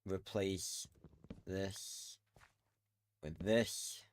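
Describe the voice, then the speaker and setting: A man's voice: low voice, extremely slow. A man giving casual commentary while playing a building game, muttering to himself, swearing now and then and laughing. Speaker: gaming video creator.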